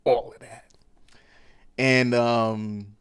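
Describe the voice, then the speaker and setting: Guy rambling thru a movie recap, slangy, tons of likes and restarts, mid pitch, dry sound. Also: little pitch movement, very slow, clean tone, no room sound. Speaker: podcast host.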